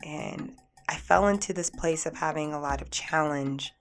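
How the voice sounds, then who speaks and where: A woman's voice: low-pitched, lively intonation, moderate pace, vocal fry. A woman hosting a spiritual radio talk show, earnestly telling a personal story in a heartfelt, repetitive way, with music playing behind her.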